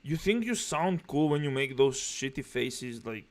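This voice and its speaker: A man's voice: medium pitch, lively intonation, measured pace. A man reacting to a stream, scornful and foul-mouthed, with a harsh delivery. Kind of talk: commentary.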